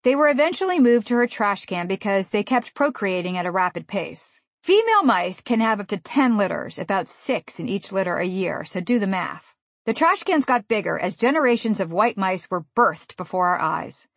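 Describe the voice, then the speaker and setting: A woman in her forties from the USA reads her own humorous memoir aloud. Her delivery is wry and deadpan, at a mid pitch. The recording is dry and close, with no room sound. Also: moderate pace, dry recording. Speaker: author narrating a memoir. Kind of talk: humorous audiobook narration.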